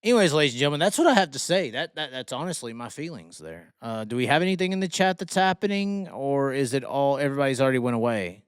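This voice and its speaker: A man's voice: mid-range voice, expressive, fast talker, hardly any pauses, smooth, no room sound, clean studio sound. A man hosting a racing livestream, arguing his point with strings of rhetorical questions and repeated words. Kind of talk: casual livestream commentary.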